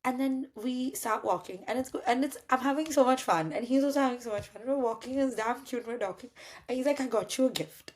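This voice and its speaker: Animated young woman from India. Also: on the high side, quick pace. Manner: animated, acts out both sides of dialogue, swears casually. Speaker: podcast host telling a story. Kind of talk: casual storytelling chat.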